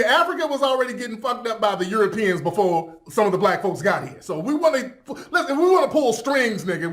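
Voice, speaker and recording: A man's voice: high voice, a bit bright. A man hosting a reaction video, giving profane, incredulous, mocking commentary and laughing as he talks.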